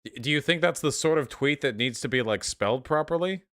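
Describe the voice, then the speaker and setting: A man's voice: a little high, lively intonation, a little fast, a bit bright. A man casually reacting to clips on a stream, offhand and sarcastic, full of "dude" and "like.". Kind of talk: casual commentary.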